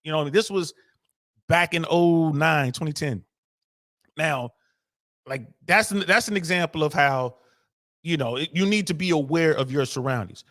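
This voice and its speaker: A middle-aged man talks as a guest in a casual chat, his voice sitting a little high. He tells stories with care over his words. The recording is dry and close. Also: normal speed, long pauses, a bit bright, no room sound. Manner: storytelling, cautious with words. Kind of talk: casual conversation.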